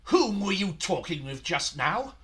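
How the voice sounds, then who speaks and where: A man's voice: very animated, measured pace, fairly bright tone, heavily acted. A man voicing a vain, sulky male poet in a comic operetta, theatrical and petulant, singing and speaking, recorded in his room at home. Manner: theatrical, petulant, high sung lines. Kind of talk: comic operetta, sung and spoken.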